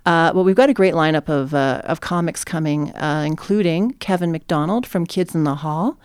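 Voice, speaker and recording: A woman's voice: low voice, normal speed, a little mellow, clean tone, no echo, studio quality. A woman from New Jersey hosting a podcast in casual chat, chatty and self-deprecating with many fillers. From New Jersey, USA. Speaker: podcast host.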